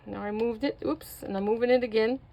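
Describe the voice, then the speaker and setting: A middle-aged woman with a somewhat high voice walks viewers through a craft project at home. She chats as she works and pokes fun at her own mistakes. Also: steady tone, brisk, vocal fry, muffled recording, a little hiss or hum. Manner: chatty, self-mocking, talks to viewers while working. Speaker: craft video host. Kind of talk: casual craft tutorial.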